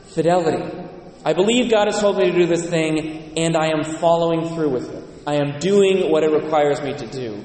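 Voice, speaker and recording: A man's voice: on the high side, moderate pace, darkish tone. A male priest giving an earnest, conversational sermon in a large church. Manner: earnest, conversational preaching with quoted voices. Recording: echoey church, distant mic.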